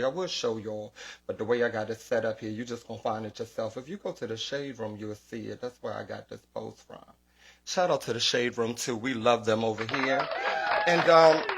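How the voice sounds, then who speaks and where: Animated, profane podcast host, man. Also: mid-range voice, breathy edge. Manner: profane, animated storytelling with quoted voices. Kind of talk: casual comedic podcast rant.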